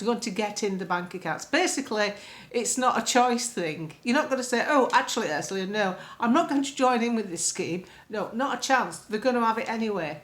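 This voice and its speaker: A woman's voice: fairly high pitch, a bit bright. A woman giving casual political commentary, chatty and rambling, with many fillers and sarcastic asides. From England. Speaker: political vlogger.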